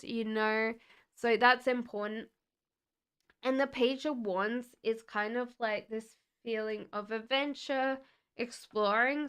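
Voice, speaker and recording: A woman doing live-stream tarot readings, talking to chat viewers in a relaxed, chatty and reassuring way. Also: a little high, smooth. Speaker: tarot reader.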